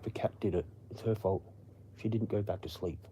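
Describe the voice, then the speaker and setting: A man's voice: fairly low pitch, a little fast, mellow, a little hiss or hum. A man with an Australian accent, ranting casually and profanely on a late-night livestream. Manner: profane, rambling. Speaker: livestream host.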